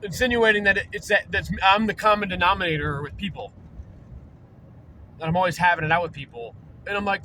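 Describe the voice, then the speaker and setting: Angry high-voiced man ranting. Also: slight background noise, poor audio. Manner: heated, profane, talks fast and loud. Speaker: vlogger. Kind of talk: angry rant.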